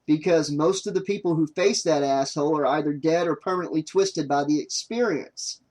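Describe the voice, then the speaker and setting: A man's voice: a little high, moderate pace, a little mellow, lightly acted. A man reading an audiobook, voicing a bitter survivor who speaks bluntly and with hostility. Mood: bitter hostile. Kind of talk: audiobook character voice.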